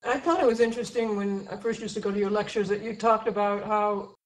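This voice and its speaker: A woman co-hosting an online seminar, briskly reading audience questions aloud to the speaker. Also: mid-range voice, steady tone, roomy sound, rough recording.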